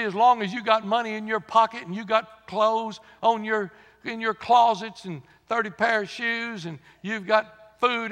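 Older pastor, high-pitched, folksy, emphatic; church hall reverb. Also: male voice, a bit bright. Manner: folksy preaching with rising emphatic repetition. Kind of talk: sermon.

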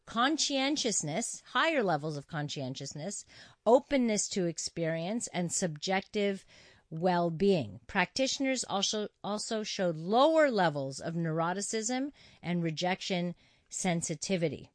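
A woman with a fairly low voice hosts a talk show, reading listener texts aloud and working through research findings. She talks with frequent "uh"s and small restarts. The sound is dry and close. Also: animated, unhurried, no room sound. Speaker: host. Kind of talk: radio talk show discussion.

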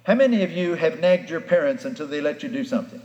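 A man's voice: a little high, expressive, quick pace, a little mellow, muffled recording. A man preaching a sermon as pastor, in a folksy storytelling manner that acts out the characters. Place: church sanctuary. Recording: echoey hall.

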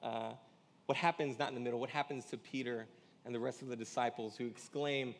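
A man's voice: medium pitch, a little fast. A man preaching a sermon as pastor, in a casual slangy way, often acting out quoted dialogue. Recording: church hall reverb.

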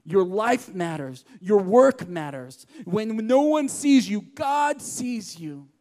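High-voiced man preaching with passion. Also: lively intonation, slow, warm tone. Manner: passionate, emphatic preaching with repetition. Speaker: pastor. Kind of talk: sermon. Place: church.

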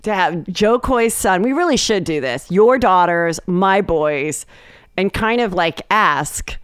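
A woman comedian tells stories in an animated way, slipping into quoted voices as she goes. Her voice is smooth and clear, and it is recorded dry and close in a podcast studio. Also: lowish voice, slow pace, no echo. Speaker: comedian guest. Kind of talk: casual podcast chat.

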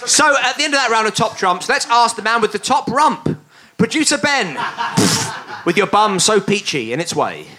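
A man's voice: high-pitched, big pitch swings, moderate pace, crowd noise. A man hosting a comedy panel show with playful, mock-grand announcing. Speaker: host. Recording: live studio audience.

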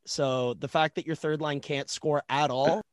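A man co-hosting a podcast in casual talk, blunt and pressing with rapid questions. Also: a little high, steady tone, clean tone, dry recording, clean studio sound. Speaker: podcast co-host.

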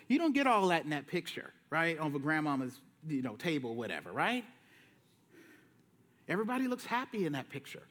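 A man preaching a sermon from a church, telling the story with lively voices and casual slang. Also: high-pitched. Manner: lively storytelling, acting out Jesus and disciples in slang. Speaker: pastor. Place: church sanctuary.

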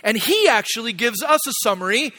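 A man's voice: very high-pitched, animated, brisk, pushed and bright, long reverb tail. A middle-aged man, a pastor, giving a conversational, self-deprecating sermon in a church sanctuary.

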